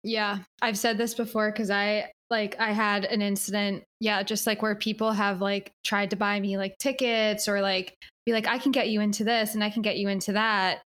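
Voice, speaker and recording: A young woman in casual chat, speaking in a relaxed way with many "like" fillers. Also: mid-range voice, moderate pace.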